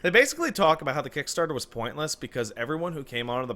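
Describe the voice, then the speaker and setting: A man co-hosting a casual podcast in a bright, forceful voice. He talks emphatically, pushing his points hard and swearing freely as he goes. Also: a little high, sing-song, very fast, slight background noise. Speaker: podcast co-host.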